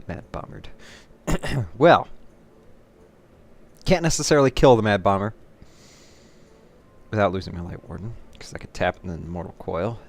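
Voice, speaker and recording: A man giving live commentary on his own card game, thinking his moves through aloud and getting excited or laughing at his own mistakes at his home computer. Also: lowish voice, vocal fry, a little hiss or hum. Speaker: gameplay commentator.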